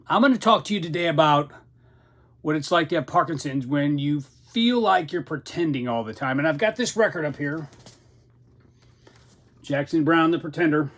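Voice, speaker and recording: A middle-aged man speaks to camera in a casual, personal vlog. His voice sits slightly higher than most men's. He sounds a little out of breath and often restarts or repeats his words as he talks. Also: expressive, moderate pace, fairly bright tone. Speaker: podcast host living with Parkinson's.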